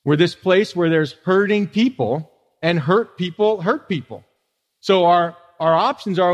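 High-voiced pastor preaching in a reverberant church. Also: male voice, unhurried. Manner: conversational preaching with rhetorical questions. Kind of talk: sermon. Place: church sanctuary.

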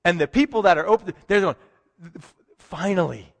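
A man preaches a sermon in a high, ringing voice, talking to his congregation conversationally and with emphasis. He often asks questions of his listeners. His voice trails off into the long reverb of a large hall. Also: fast. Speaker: pastor.

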